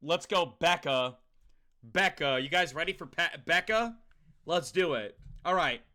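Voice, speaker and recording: Bright-voiced, animated streamer man. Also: fairly high pitch, a little slow. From New York. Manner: loud, animated, swears often, talks straight to chat. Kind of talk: casual livestream chat.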